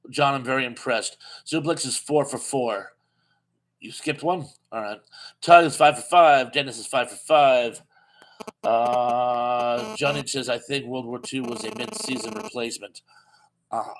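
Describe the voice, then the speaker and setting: A man's voice: mid-range voice, unhurried, a bit bright. A man hosting a live-streamed TV trivia quiz in a casual, chatty way, reading out viewer comments and laughing at his own jokes. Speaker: live show host running a TV trivia quiz.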